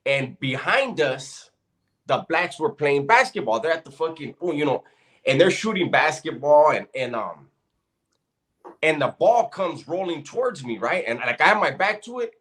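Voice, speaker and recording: Animated, slightly high-voiced man telling stories. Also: moderate pace. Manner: animated storyteller, profane, builds to punchlines. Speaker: podcast co-host. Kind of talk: casual storytelling chat.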